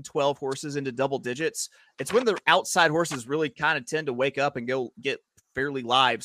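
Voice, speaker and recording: Bright-voiced casual man hosting. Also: mid-range voice, no room sound, studio quality. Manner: easygoing, many fillers and restarts. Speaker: host. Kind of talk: casual handicapping podcast chat.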